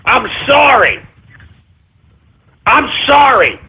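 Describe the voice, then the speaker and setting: A man hosting a comedic call-in radio show, ranting frantically, swearing and shouting apologies over and over. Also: very high voice, very animated, extremely slow, husky. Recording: tinny phone-like audio.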